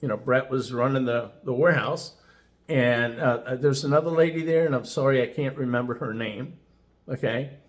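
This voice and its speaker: A man's voice: medium pitch, normal speed. A man casually telling a personal story as a customer testimonial, chatty and enthusiastic, with lots of "you know" fillers. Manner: enthusiastic, animated retelling.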